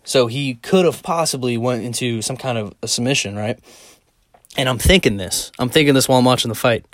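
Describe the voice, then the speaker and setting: A man's voice: medium pitch, brisk, fairly bright tone, no echo, clean studio sound. A young man talking casually in a rambling monologue, swearing often and filling gaps with "like" and "um". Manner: rambling, profane, lots of "like" fillers. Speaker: vlogger.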